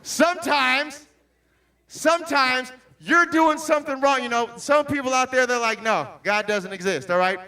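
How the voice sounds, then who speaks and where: Heard from a distance, a man with a very high and bright voice preaches as a Christian motivational speaker to a young crowd. He calls out questions and breaks into shouts.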